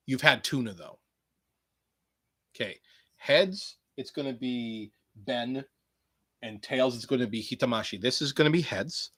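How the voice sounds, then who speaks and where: Male podcast host, mid-pitched, sarcastic rambler, close dry mic, jumps from mumbling to yelling. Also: measured pace, pauses often, dry recording. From Canada. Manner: rambling, sarcastic, swings from mutters to loud outbursts. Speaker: podcast host previewing wrestling shows. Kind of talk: casual solo chat.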